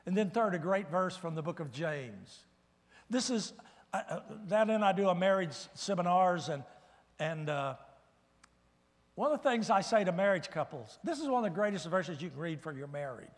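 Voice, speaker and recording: A man preaching a guest sermon in a church, animated and swinging from loud bursts to hushed asides. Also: sits high, normal speed. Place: church sanctuary. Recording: reverberant church hall.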